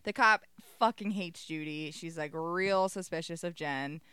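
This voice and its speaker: A woman co-hosting a casual podcast, rambling and animated as she recaps a show. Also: on the low side, unhurried, clear, resonant tone, no echo. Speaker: podcast co-host. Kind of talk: casual chat.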